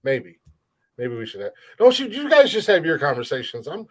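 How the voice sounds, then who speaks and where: A man's voice: fairly high pitch, wildly swooping pitch, moderate pace. A man co-hosting a comedy podcast in loose casual chat, rambling and repeating words as he jokes around. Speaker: podcast co-host.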